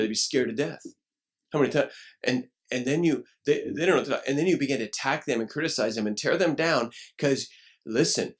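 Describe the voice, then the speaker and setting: A pastor preaching a lively sermon, acting out quoted voices and now and then rising to a shout. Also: male voice, medium pitch. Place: church.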